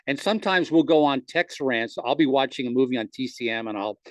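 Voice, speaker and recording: A man's voice: mid-range voice, animated, fairly quick, dry recording. A man hosting a podcast, chatting casually and enthusiastically with his guest. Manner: enthusiastic, rambling. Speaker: podcast host. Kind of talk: casual interview chat.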